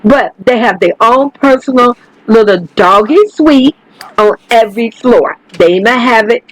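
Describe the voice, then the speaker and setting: A woman hosting a gaming channel, chatting casually and animatedly to her viewers, swearing freely and laughing often as her voice jumps up when she gets excited. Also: a little high, unhurried, no echo, rough recording. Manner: animated, chatty and profane, calls viewers baby. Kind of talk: casual gameplay commentary.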